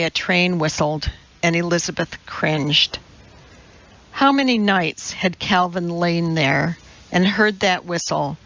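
A woman reading a novel aloud as a narrator, in a slow, measured way. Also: lowish voice, vocal fry, fairly bright tone. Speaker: audiobook narrator. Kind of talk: scripted narration. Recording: dull lo-fi recording.

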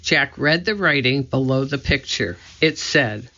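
A narrator reading a children's chapter book aloud in a steady, clear storytelling manner. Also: medium pitch, a little slow, hardly any pauses, dull audio. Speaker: audiobook narrator.

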